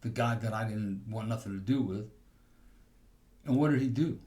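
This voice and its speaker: A man's voice: on the low side, moderate pace, dark tone. A man hosting a podcast, telling a personal testimony in a rambling storytelling way with restarts. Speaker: podcast host.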